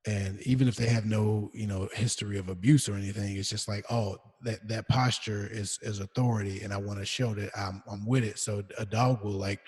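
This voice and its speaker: A man with a slightly husky voice talks casually on a podcast, telling stories in a loose, relaxed way. He uses lots of fillers and restarts. His voice trails off into a long reverberant echo. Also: on the low side, a little fast, hardly any pauses. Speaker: podcast co-host. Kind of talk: casual chat.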